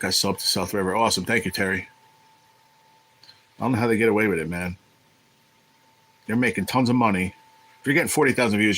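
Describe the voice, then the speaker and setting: A man's voice: fairly low pitch, a bit bright, slightly rough, poor audio. A man hosting a casual livestream, talking in a blunt, profane, irritated way. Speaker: livestream host.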